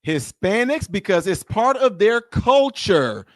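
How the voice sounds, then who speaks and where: A man doing reaction commentary on a video, teasing and animated, repeating his lines for effect. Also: high-pitched, takes it slowly, no room sound, studio quality.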